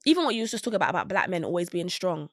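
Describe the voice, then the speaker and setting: A young woman chatting as a podcast guest, animated and quick to act out the people she talks about. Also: no room sound, studio quality. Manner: animated, acts out quoted voices with big pitch jumps. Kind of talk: casual chat.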